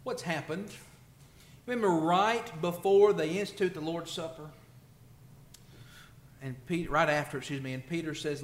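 Emotional preacher in an echoey church. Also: male voice, fairly high pitch, moderate pace, pauses often. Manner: emotional, swells loud when reading scripture then drops soft. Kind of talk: sermon. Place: church sanctuary.

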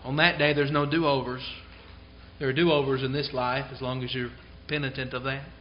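A man preaching a sermon in a church service, earnest and emphatic, slowing down to stress key phrases. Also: medium pitch, flat delivery, slight background noise. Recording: dull lo-fi sound.

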